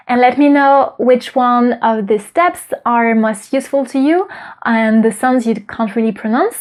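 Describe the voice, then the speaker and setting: A woman with a French accent teaching pronunciation in a casual video lesson, explaining patiently and often checking in with the viewer. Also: fairly high pitch.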